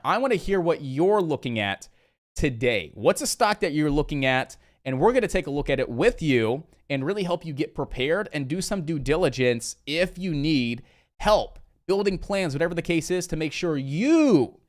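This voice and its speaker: A man from Indiana hosting a casual live trading stream, chatty and energetic, talking straight to his viewers. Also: on the high side.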